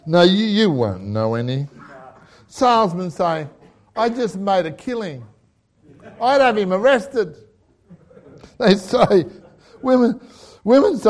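A high-pitched Australian man delivering a humorous sermon, full of stories and jokes. He is middle-aged, chuckles at his own lines and keeps a chatty, storytelling manner. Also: very animated, slow, long pauses, a little mellow. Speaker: pastor.

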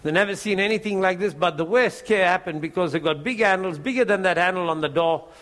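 A man preaching, telling a testimony in a lively way, often laughing and acting out the voices and prayers in his story. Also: sits high, quick pace.

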